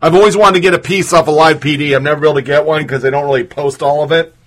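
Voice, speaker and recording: A man's voice: a little high, steady tone, rapid-fire. A man hosting a podcast, ranting with frequent swearing. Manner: ranting, profane. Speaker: podcast host. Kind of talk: podcast commentary.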